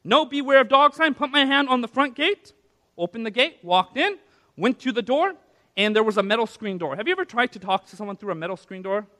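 A man preaching a sermon in a church, telling a personal story in a conversational way with asides to the audience, then slowing down to press key words for emphasis. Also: extremely high pitch, lively intonation, pushed and bright, big-room sound. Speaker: pastor. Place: church sanctuary.

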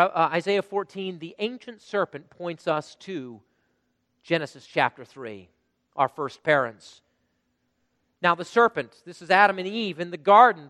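A man's voice: sits high, fairly bright tone, big-room sound. A pastor preaching a sermon to his congregation with dynamic delivery, asking them rhetorical questions.

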